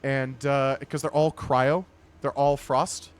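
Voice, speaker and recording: A young man streaming a game, a bit congested, rambling in casual chat, restarting his sentences and sometimes shouting at the game. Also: medium pitch, little pitch movement, takes it slowly, smooth. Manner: rambling, self-correcting, bursts into shouting at the game.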